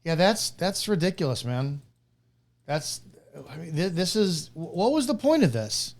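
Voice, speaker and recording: Male host, former cop, slightly higher voice, blunt and profane, rants and restarts himself as he reacts to a clip. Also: big pitch swings, a little slow. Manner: blunt, profane, indignant ranting with many restarts. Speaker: host of a police commentary show. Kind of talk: reacting to a played video clip with commentary.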